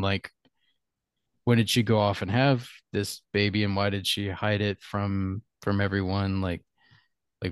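Low-voiced man musing in a dry room. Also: smooth, no echo. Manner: musing, rambling, chuckles often. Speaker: podcast host. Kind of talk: casual chat.

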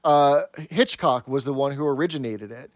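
A man's voice: medium pitch, normal speed, dry recording. A man co-hosting a podcast in casual chat, explaining things and telling jokes. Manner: chatty, explains and tells jokes. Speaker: podcast co-host.

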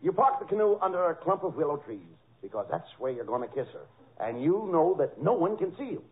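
A man's voice: fairly high pitch, very animated, brisk. A man playing the straight man in a 1940s radio comedy, explaining with exasperated patience. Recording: lo-fi old radio broadcast.

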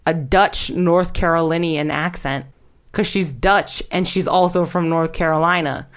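A young woman with a somewhat low voice tells a ghost story in a loose, rambling way. She laughs often and swears casually while chatting with friends. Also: unhurried, smooth. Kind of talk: casual storytelling podcast chat.

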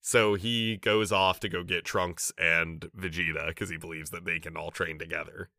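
A man's voice: low-pitched, fairly even intonation, normal speed, vocal fry, pushed and bright, dry recording, clean studio sound. A man co-hosting a podcast, chatting casually about an anime episode in a loose, filler-heavy way. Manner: chatty, peppered with filler words. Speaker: podcast co-host. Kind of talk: casual anime recap chat.

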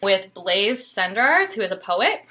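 A woman's voice: mid-range voice, sing-song, a little slow, pushed and bright. A woman in casual conversation, enthusiastically explaining an artist's work with many fillers and restarts. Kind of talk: casual chat about art history.

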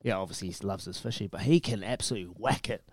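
A man's voice: lowish voice, very fast, no echo, studio quality. A man with a New Zealand accent co-hosting breakfast radio in a laid-back way, often saying mate. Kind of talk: casual radio banter. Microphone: studio mic, dry.

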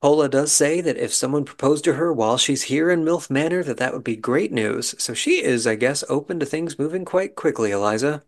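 A man's voice: a little high, lively intonation, brisk, few pauses. A man hosting a podcast, giving a wry, chatty recap of a reality show episode with musing asides. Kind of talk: casual commentary.

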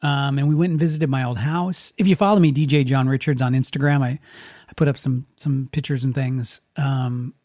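A man's voice: mid-range voice, steady tone, fairly quick, darkish tone, dry recording. A middle-aged man from Spokane hosting a podcast, telling stories in a rambling casual way with lots of restarts. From Spokane, USA. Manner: rambling, frequent restarts, acts out quotes. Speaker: podcast host. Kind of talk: casual storytelling chat.

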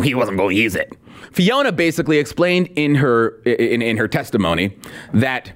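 A man hosting a political commentary podcast, talking in a sarcastic way and repeating lines for emphasis. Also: mid-range voice. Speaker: podcast host.

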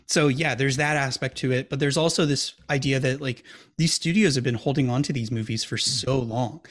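Male podcast host, mid-pitched, loose and rambling film chat. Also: normal speed, a bit bright. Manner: rambling, self-interrupting, chatty.

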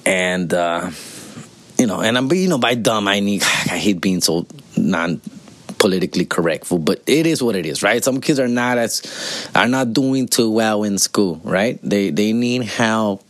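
A man's voice: lowish voice, a little slow, no echo. A man in his forties hosting a podcast, talking casually and comically, full of swearing and slang, and switching between English and Spanish. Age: 40s. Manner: profane, slangy, switches between English and Spanish, constantly says "fool" and "dog". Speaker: podcast host. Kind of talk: casual comedic monologue.

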